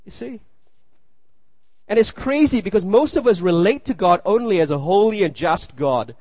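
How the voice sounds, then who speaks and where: A man's voice: high voice, animated, normal speed, darkish tone, dry recording. A man in his thirties delivers a sermon in a slightly raised voice. He is earnest and circles back on his phrases, checking in with his listeners. The sound is dry and close. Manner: earnest, repeats phrases, asks the room "you see?". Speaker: pastor.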